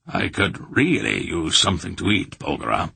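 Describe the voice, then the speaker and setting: A man voicing a weak but sharp old sorcerer grandfather, dry and wry in his remarks. Deep and husky, read close and dry for an audiobook. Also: very animated, moderate pace, dry recording, heavily acted.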